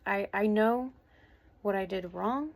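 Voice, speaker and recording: A woman in her twenties speaking to camera from her bedroom at home, recounting a personal story in a hesitant, earnest way with pauses and restarts. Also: mid-range voice. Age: 20s. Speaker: vlogger.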